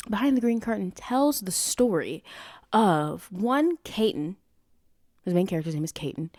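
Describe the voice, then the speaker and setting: Young woman, podcast host, rambling book review, profane, lowish voice, dry close sound. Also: darkish tone, no echo. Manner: rambling, self-interrupting, profane. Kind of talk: casual book review monologue.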